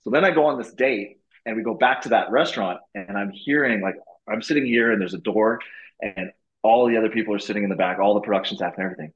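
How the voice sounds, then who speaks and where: A young man from Canada telling casual stories as a podcast guest, animated and swearing freely, acting out what people said. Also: on the low side, fast, dull audio. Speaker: podcast guest, former reality show lead. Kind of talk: casual storytelling.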